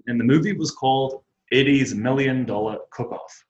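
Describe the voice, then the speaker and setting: A young man with a New Zealand accent, telling stories as a podcast guest in a relaxed, self-mocking way. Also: medium pitch, normal speed. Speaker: guest, baseball pitcher and teacher. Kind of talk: casual podcast chat. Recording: dull lo-fi audio.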